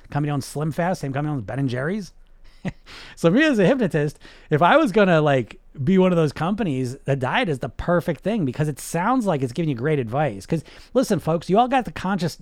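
Male hypnotist host, emphatic and blunt, fairly high voice with a very animated delivery. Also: no room sound, clean studio sound. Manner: emphatic, blunt, peppered with rhetorical questions and mild swearing. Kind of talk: motivational podcast monologue.

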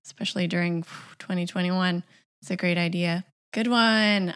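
A woman's voice: mid-range voice, animated, moderate pace, fairly bright tone. A woman co-hosting a casual music chat, easygoing and self-deprecating, often laughing. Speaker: podcast co-host.

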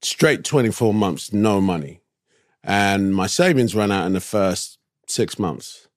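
A man with a London English accent, a guest telling relaxed anecdotes in an interview with slangy asides. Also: fairly low pitch, unhurried, dry recording, clean studio sound. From England. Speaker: actor guest. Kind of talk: casual interview storytelling.

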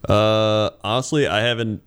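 A man's voice: fairly low pitch, steady tone, moderate pace, fairly bright tone, clean tone. A tired man co-hosting a casual podcast, rambling in a laid-back way with many fillers. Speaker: podcast co-host.

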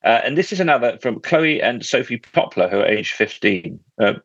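A man's voice: mid-range voice, animated, moderate pace, fairly bright tone, slightly rough, dry recording, muffled recording. A man hosting a casual podcast, reading out listener letters with a jokey, teasing manner. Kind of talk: casual chat.

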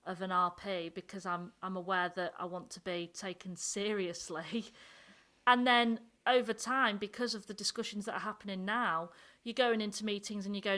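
Animated Yorkshire woman, quick and chatty. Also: mid-range voice. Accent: Northern English, Yorkshire. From North Yorkshire, England. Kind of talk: casual discussion.

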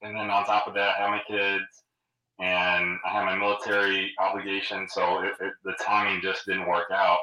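A man's voice: low voice, little pitch movement, normal speed, pushed and bright. A middle-aged man chatting casually as a guest fan, hesitant, with many ums and restarts. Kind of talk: casual chat. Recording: roomy echo, distant from the mic.

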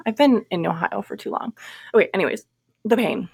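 A woman's voice: medium pitch, brisk, creaky, slightly rough. A young woman hosting a podcast alone at home, telling a personal story in a chatty, candid way with lots of "like" and restarts. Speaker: podcast host. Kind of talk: casual solo podcast storytelling. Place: home, new baby asleep on her chest.

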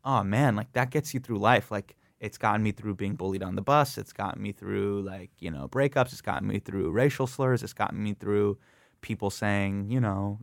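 A man in his thirties talks as an interview guest, with a low voice that has a gravelly edge. He tells stories with energy and acts out the voices of people he quotes. The sound is dry and close. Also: normal speed, dry recording. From United States. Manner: animated storyteller who acts out quoted voices. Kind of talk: casual interview chat.

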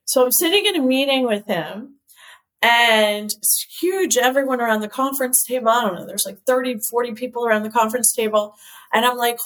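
A woman who is a company CEO and cosmetic chemist, telling stories as an interview guest in a lively way, laughing often and using lots of "like.". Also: fairly high pitch, brisk. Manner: lively storyteller, laughs often, many "like" fillers. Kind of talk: casual chat, telling stories.

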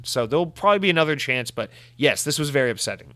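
Profane, animated man ranting. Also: mid-range voice, quick pace, no echo. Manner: animated, profane, exasperated ranting with mock voices. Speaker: show host answering listener mail. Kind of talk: casual ranting commentary.

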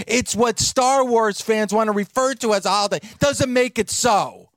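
A man's voice: sits high, normal speed, fairly bright tone, no room sound, studio quality. A male radio show host ribbing his co-host in bantering talk, exasperated and mocking.

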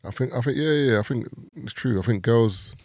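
A man's voice: mid-range voice, fairly quick, darkish tone, no room sound, clean studio sound. A young man with a London accent, a podcast guest talking things through in a thoughtful, laid-back casual chat. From England.

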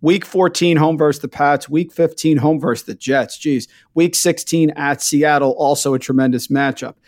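A man's voice: on the high side, steady tone, moderate pace, a little mellow. A man hosting a casual podcast chat, setting up topics and asking his guest questions. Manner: conversational, asks questions and sets up topics. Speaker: podcast host.

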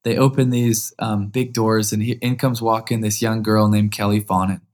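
A man in his thirties, a former football quarterback, telling a heartfelt personal story as a guest in an interview and growing lively as it builds. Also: lowish voice, moderate pace.

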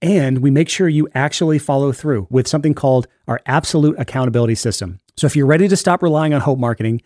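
An upbeat male podcast host talks straight into a close studio mic. The sound is dry and tight with no room behind it, and his pitch sits in an ordinary middle range. He moves easily between a polished ad read and relaxed banter. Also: fast talker, no room sound. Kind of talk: casual podcast chat and read ad.

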